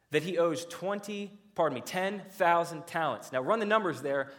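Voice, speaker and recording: A man preaching a sermon, retelling a parable in a lively, conversational storytelling way and often restarting his sentences. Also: on the high side.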